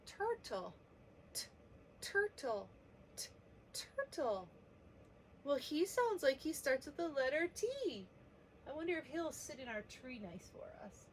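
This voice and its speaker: A woman teaching a preschool letter lesson, gently sounding out each letter for young children. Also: high-pitched, expressive, normal speed, slight background noise.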